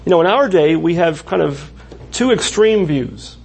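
Male pastor, raised pitch, raspy tone, conversational sermon delivery. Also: expressive, moderate pace, darkish tone. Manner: conversational preaching with frequent restarts and asides. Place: church.

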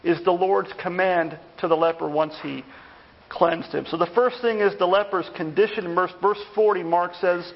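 Pastor, male, higher-pitched with some vocal fry, chatty sermon delivery; dull lo-fi church recording. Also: normal speed. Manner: conversational, animated when retelling stories. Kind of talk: evening sermon.

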